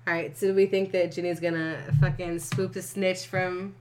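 A woman's voice: fairly low pitch, flat delivery, moderate pace, darkish tone, slight background noise. A young woman co-hosting a podcast, reading fan fiction aloud and breaking off to laugh and swear. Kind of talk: casual reading and chat.

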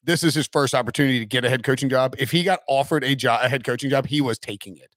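A man's voice: mid-range voice, quick pace, fairly bright tone, no echo. A man hosting a casual sports podcast, talking in a rambling way with lots of fillers. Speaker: podcast host.

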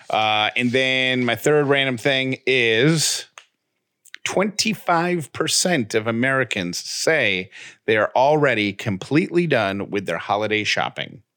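A man's voice: medium pitch, lively intonation, slow, fairly bright tone, no room sound, studio quality. A young adult man co-hosting a casual podcast from home, playful and jokey as he chats. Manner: joking, playful bits. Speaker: podcast co-host. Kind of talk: casual chat.

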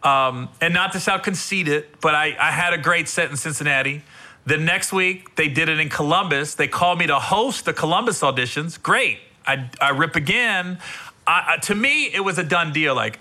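A male comedian with a very bright, tense voice, telling stories in casual chat. His pitch leaps around lively as he acts out other people, swearing and laughing freely. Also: normal speed. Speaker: stand-up comedian, podcast host.

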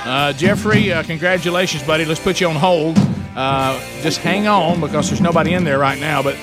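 Loud, playful high-voiced radio host. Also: male voice, brisk, loud music behind the voice. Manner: loud, playful, shouts and chants on cue. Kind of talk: lively radio call-in banter.

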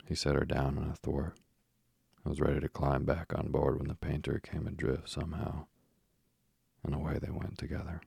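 Male storyteller, husky and gravelly, close and dry, steady measured narration. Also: very deep voice, no echo. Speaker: audiobook narrator. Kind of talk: first-person literary narration.

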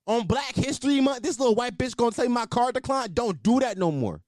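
A man in his twenties telling a story casually, animated and full of profanity. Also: extremely high pitch, fairly quick, no echo, studio quality. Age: 20s. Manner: profane, animated, exaggerated outrage.

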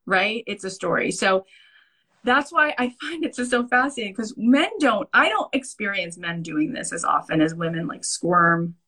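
A woman's voice: mid-range voice, animated, moderate pace, bright, forceful tone, breathy edge. A woman business coach in casual conversation, stressing her points emphatically and often checking in with "right?". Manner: emphatic, repeats points, tags lines with "right?".

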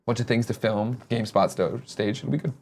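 A man hosting a casual morning show, joking and swearing in fast banter, tired after a busy weekend. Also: mid-range voice, a little mellow, slight background noise. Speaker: show host.

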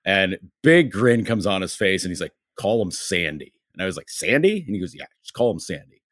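A man's voice: low-pitched, animated, brisk, a bit bright, no echo, clean studio sound. A man who writes about sports, telling a long story in casual podcast chat, full of fillers and quoted back-and-forth, with a Western New York accent. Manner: rambling anecdotes, many fillers and acted-out quotes.

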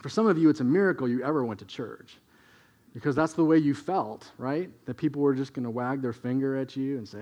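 A man preaching a sermon as a pastor, telling stories and moving between hushed asides and emphatic points. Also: medium pitch, expressive, fairly quick.

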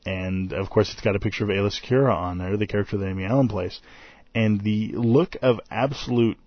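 A man's voice: on the low side, fairly quick, no room sound, highs cut off. A tired man hosting a podcast, recapping a convention in a rambling, self-deprecating way and laughing often. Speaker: podcast host.

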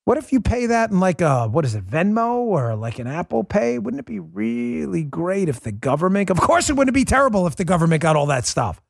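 An emphatic, sarcastic man hosts a commentary show and talks directly to his audience. His voice sits a little high for a man, and the close studio mic sounds dry, with no room echo. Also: sing-song, fairly quick, vocal fry, hardly any pauses. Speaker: show host.

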